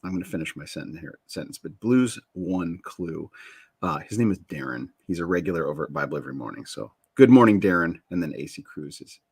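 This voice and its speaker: Deep-voiced rambling man host. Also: expressive, brisk, darkish tone, breathy edge, no echo. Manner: rambling, self-interrupting, laughs at himself. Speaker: show host. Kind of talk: casual chat.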